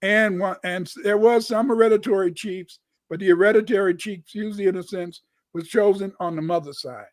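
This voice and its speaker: The recording has no room sound as an older man from the United States, a guest scholar, speaks briskly in a high voice with hardly any pauses. His casual livestream talk is rambling, full of repeated words and occasional cussing.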